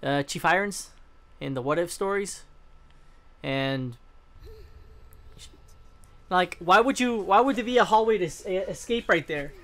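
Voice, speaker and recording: A man's voice: high-pitched, measured pace, pauses often, fairly bright tone. A young man giving casual let's-play commentary, rambling, swearing freely and often trailing off mid-thought. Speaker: gaming channel host.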